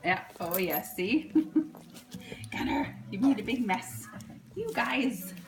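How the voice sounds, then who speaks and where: A woman's voice: mid-range voice, expressive, slow pace, music in the background, low-quality recording. A woman breeder chatting to her puppies in cooing baby talk, laughing often, indoors at a whelping pen. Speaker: dog breeder. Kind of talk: casual vlog narration.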